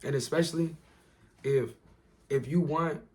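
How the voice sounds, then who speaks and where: A young man giving an earnest, repetitive motivational talk to camera in casual slang, his voice worn and going hoarse. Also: a little high, measured pace, a little mellow. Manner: earnest, repetitive, slangy, calls listeners bro. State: losing his voice. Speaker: motivational vlogger.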